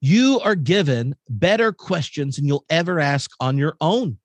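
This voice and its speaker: A man giving a casual, animated theological talk, full of fillers like "like" and "um". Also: a little high, unhurried, husky, no echo. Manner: animated, filler-heavy, conversational. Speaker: podcast guest speaker.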